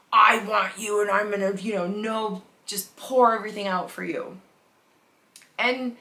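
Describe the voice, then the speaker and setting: A woman hosting a podcast who tells a true story in a casual, animated way, swears often and acts out the people in it. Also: medium pitch. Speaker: podcast host.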